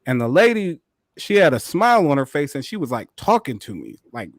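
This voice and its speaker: A man co-hosting a podcast, telling a story in a casual, animated way, full of profanity and quick laughs. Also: fairly high pitch, dry recording, clean studio sound. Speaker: podcast co-host.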